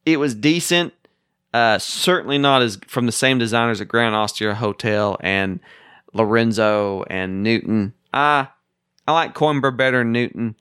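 A man's voice: mid-range voice, moderate pace, fairly bright tone, clear, resonant tone, no echo, clean studio sound. A man co-hosting a podcast, chatting casually about board games with playful, joking banter. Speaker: podcast co-host.

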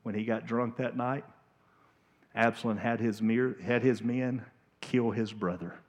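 A man preaching a sermon in a church, emphatic, swinging from hushed to loud and pleading. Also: mid-range voice, steady tone, unhurried. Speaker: pastor. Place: church sanctuary.

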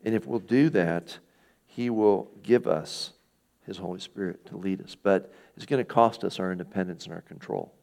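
Male pastor, middle-aged, low gravelly voice, relaxed conversational sermon. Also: moderate pace. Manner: conversational, asks the listeners questions, acts out quoted speakers.

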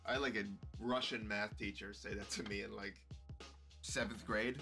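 A man's voice: fairly low pitch, fairly even intonation, normal speed, over music. A man guest comedian on a podcast, rambling easily through an anecdote. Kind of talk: casual comedy podcast chat.

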